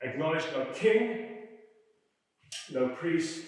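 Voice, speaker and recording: A man's voice: on the high side, takes it slowly. A man playing a fiery, mocking radical preacher. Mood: defiant. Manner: animated storyteller, acts out voices, mocking. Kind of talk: theatrical monologue, storytelling preaching. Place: performance hall. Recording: echoey hall, mic far off.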